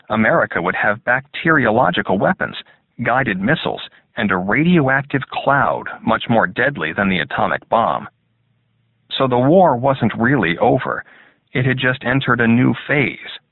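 A man narrating an audiobook in a measured, even storytelling manner. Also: mid-range voice, creaky, breathy edge, no echo. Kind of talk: scripted narration. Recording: tinny phone-like dry sound.

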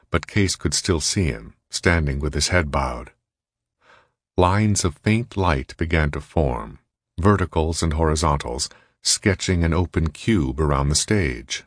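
Audiobook narrator, man, very deep voice, dry close sound. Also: no room sound. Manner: even, measured reading. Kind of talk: scripted narration.

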